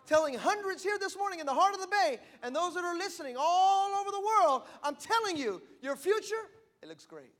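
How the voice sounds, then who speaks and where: A man's voice: very high-pitched, a bit bright. A male pastor preaching a sermon to a live congregation in a church, emphatic and repetitive, stressing key phrases.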